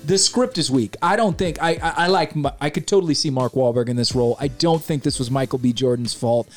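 A man's voice: medium pitch, brisk, faint music behind. A man co-hosting a casual chat, ranting animatedly and exasperated, often mocking lines in quoted voices. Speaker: podcast co-host reviewing a film.

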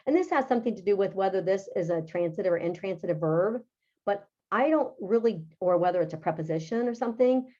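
A woman's voice: fairly low pitch, mellow. A woman teaching a writing and grammar lesson, explaining step by step in a chatty way, often checking in with "okay" and "right". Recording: dull lo-fi sound.

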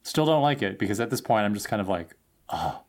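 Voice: mid-range voice, expressive, fast talker. A podcast co-host in casual chat, giving wry, sarcastic commentary on a TV episode.

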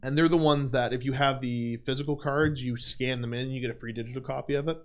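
A man's voice: mid-range voice, fairly even intonation, quick pace. Young male stream host, casual Q&A, self-deprecating, filler-heavy. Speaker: livestream host. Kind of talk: casual livestream Q&A chat.

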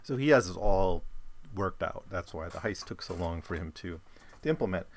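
A man's voice: low voice, expressive, moderate pace. A man casually summing up and discussing a novel, rambling with many fillers and restarts. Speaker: book discussion host. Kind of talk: casual book summary talk.

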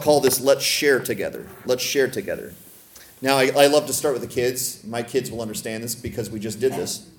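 A man preaching a sermon as pastor, playful and teasing with gentle humor. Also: medium pitch. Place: church sanctuary. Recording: echoey church room.

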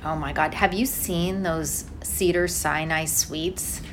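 A woman in her thirties co-hosting a podcast, chatting and telling stories in a gossipy, animated way. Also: sits low, slow, a little hiss or hum. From Northern California. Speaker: podcast co-host. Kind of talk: casual chat.

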